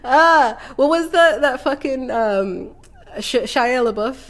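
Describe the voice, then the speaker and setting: Animated, profane woman podcast co-host. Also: high voice, slow pace. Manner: profane, animated, laughs often. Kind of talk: casual podcast chat.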